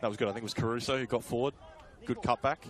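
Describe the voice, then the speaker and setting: A man providing colour commentary on a live football match, talking through the play in a conversational, analytical way, with fillers and quick self-corrections. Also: mid-range voice, steady tone, fairly bright tone.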